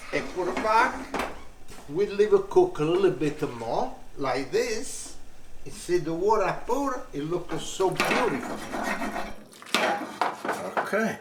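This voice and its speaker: Older italian guy cooking at home, thick accent, kinda high voice, echoey kitchen, faint sizzle in the back. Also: very animated, slow, long pauses, background noise. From Italy. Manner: broken English, enthusiastic, repeats "really, really". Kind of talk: casual cooking demonstration.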